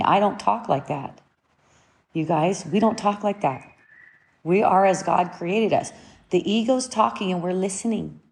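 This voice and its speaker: In a mid-range, somewhat dark voice, a woman delivers a spiritual teaching at an unhurried, reflective pace. She often repeats and rephrases her points, sometimes driving them home with short, emphatic commands.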